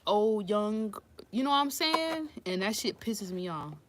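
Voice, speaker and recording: A woman's voice: medium pitch, very animated, unhurried, noisy background. A woman doing a casual live-stream tarot reading, blunt and profane, often laughing. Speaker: tarot reader.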